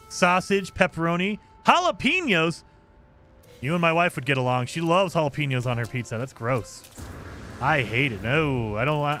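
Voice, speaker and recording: A male gaming streamer talks casually to his live chat, responding to comments and using many fillers, in a slightly high voice that sounds pushed and bright.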